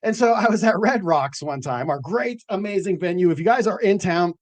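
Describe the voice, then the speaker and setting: A man's voice: high-pitched, lively intonation, a little fast, no echo. A man hosting a late-night cannabis show, telling stories in a loose, rambling way with lots of fillers and the odd swear word. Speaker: host of a cannabis growing show.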